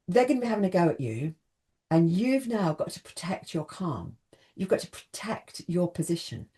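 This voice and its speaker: Earnest woman, lively delivery. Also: on the low side, normal speed. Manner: earnest, addresses the viewer directly with questions. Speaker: self-help speaker. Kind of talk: motivational talk to camera.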